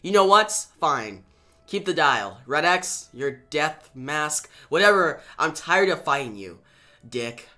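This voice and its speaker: A man's voice: fairly high pitch, big pitch swings, slow, sharp tone, exaggerated voice. A man voicing a fierce female superhero team leader, speaking urgently and giving commands. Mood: commanding.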